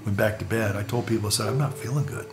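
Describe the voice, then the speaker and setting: A man's voice: on the low side, quick pace, over music. A male priest telling a personal story in a casual, rambling way, repeating words and chuckling between phrases.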